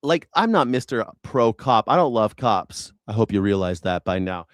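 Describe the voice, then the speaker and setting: A man's voice: on the low side, very animated, moderate pace, no echo, studio quality. A man hosting a news reaction show, with profane, sarcastic and mocking commentary. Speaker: host.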